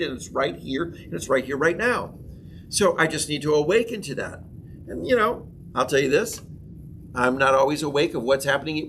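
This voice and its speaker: A man's voice: fairly high pitch, a bit bright, slight background noise. Man preaching with rising emphatic proclamations. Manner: rising emphatic proclamations, leads call-and-response affirmations. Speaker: pastor. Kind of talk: sermon class teaching. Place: church classroom.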